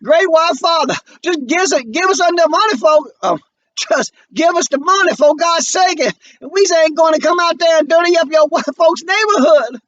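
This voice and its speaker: A man reading a play aloud, voicing a proud, desperate grown son with pleading, strained high cries. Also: animated, fairly quick, a bit bright, dry recording, distant mic, highs cut off, full character voice. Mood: anguished.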